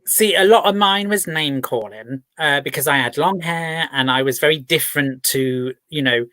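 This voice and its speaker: A man's voice: fairly high pitch, moderate pace, sharp tone, dry recording. A man in his forties hosting a casual live-feed chat, talking freely and giggling often, sometimes turning reflective. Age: 40s. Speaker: host.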